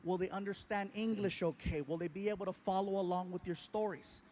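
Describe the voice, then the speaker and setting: A man's voice: high-pitched, fairly even intonation, fairly quick, a little mellow, a little hiss or hum. A man performing a stand-up comedy routine, telling a story with animation and acting out other people.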